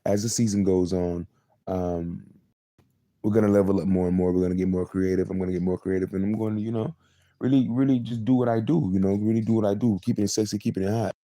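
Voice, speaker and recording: Man, 20s, host; low, dark, flat monologue, circles back and repeats himself. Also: fast talker, no echo, clean studio sound. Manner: rambling and repetitive, many fillers. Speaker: host of his own live show. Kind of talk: casual confessional monologue.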